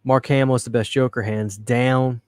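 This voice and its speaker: A man hosting a live stream in a loose, chatty way, picking up viewer comments as they arrive. His voice sits at an ordinary pitch, and the studio mic gives a dry, close sound. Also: little pitch movement, normal speed, clear, resonant tone, no room sound. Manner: chatty, reads and answers viewer comments, laughs easily. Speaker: livestream host. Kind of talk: casual live chat. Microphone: studio microphone.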